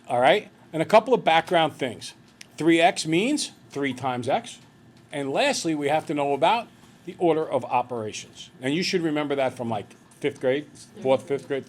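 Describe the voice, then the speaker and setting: A middle-aged man teaching a math class, telling jokey stories and acting out little voices. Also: a little high. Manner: playful, jokey, acts out voices in anecdotes.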